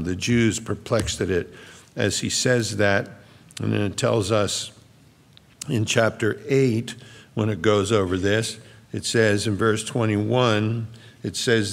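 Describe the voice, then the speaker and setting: A man's voice: fairly low pitch, steady tone, a little slow, gravelly, big-room sound. A middle-aged male pastor preaching a sermon in a large church, reading scripture aloud with earnest explanation.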